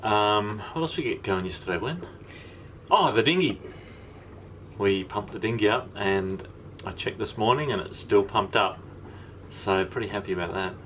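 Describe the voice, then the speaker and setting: A man with a fairly low voice talks casually on his sailboat, rambling along with plenty of ums as he hosts his vlog. A faint hiss of noise sits under the recording. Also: normal speed, fairly bright tone. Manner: rambling, chatty, with many ums. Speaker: vlog host.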